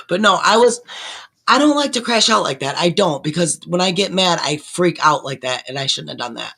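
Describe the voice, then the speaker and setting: A woman's voice: on the low side, expressive, moderate pace, creaky, sharp tone, breathy edge. A woman in her sixties, a nurse and panelist, rambling through an emotional explanation in casual chat.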